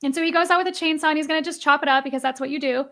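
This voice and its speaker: A woman's voice: high-pitched, steady tone, rapid-fire, fairly bright tone. A woman co-host telling a story in casual podcast chat, rambling with many restarts. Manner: rambling, lots of likes and restarts.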